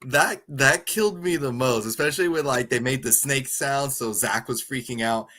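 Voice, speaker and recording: A man co-hosting a movie review podcast in casual chat, laughing often as he retells scenes quickly. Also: medium pitch, sharp tone.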